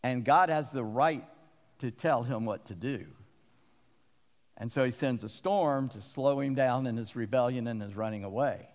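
Folksy preacher in a reverberant hall. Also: male voice, mid-range voice, normal speed, darkish tone. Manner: folksy storytelling with self-deprecating humor. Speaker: pastor. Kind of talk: sermon.

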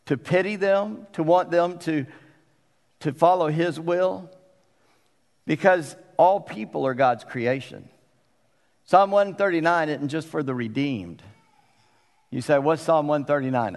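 A middle-aged man preaching a conversational sermon as pastor, often putting questions to the congregation. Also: fairly high pitch. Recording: long reverb of a church hall.

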